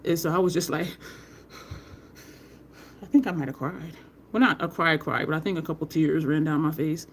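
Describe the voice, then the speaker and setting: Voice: medium pitch, steady tone, slow, long pauses, a little hiss or hum. Chatty rambling makeup vlogger. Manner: chatty, rambling storyteller with frequent laughs; greets live viewers by name. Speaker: makeup tutorial host. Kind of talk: casual chat while doing makeup.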